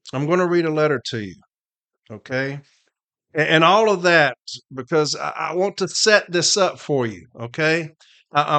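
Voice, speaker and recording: A fervent man hosting his own podcast, speaking at a middle pitch with a bright, forceful edge to his tone. He preaches more than he chats, and he hammers his points home by repeating them. He drops to a slow hush and then surges into loud, fired-up bursts. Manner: swings between hushed slow passages and loud fired-up bursts. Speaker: podcast host, union representative. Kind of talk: impassioned storytelling monologue.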